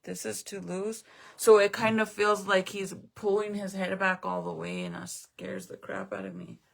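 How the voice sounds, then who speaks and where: A woman's voice: medium pitch, expressive, moderate pace, creaky. A young woman at home chatting casually on a live stream, rambling, swearing now and then and answering viewer comments. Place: at home, indoors.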